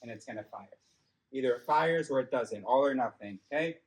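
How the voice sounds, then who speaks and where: Man, mid-pitch, casual lecturing tone, explains patiently in small steps; recorded on a dashcam in an echoey car cabin. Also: a little fast. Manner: explains step by step, checks in with "okay?" often. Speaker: son explaining a theory to his father. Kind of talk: casual lecture during a drive. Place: inside a car on the road. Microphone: dashcam mic.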